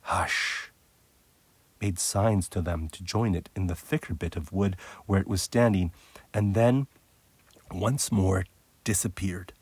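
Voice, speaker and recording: Deep, husky storybook narrator, a man. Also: a little slow, dry recording. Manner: expressive read-aloud with lively shifts. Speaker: audiobook narrator.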